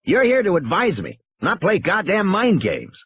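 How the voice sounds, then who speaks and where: A man's voice: sits low, extremely slow, slightly rough, pitched below the performer's own voice, exaggerated voice. A man voicing an irritable male lawyer who talks in a blunt, swearing snap. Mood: angry. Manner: snappish, swearing. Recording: dull lo-fi recording.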